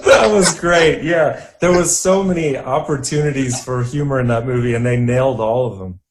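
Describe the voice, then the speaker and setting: An easygoing young man at a middle pitch, co-hosting a relaxed chat about movies. He talks in loose, rambling runs with plenty of fillers and breaks into laughter often. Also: normal speed. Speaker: podcast co-host. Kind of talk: casual chat.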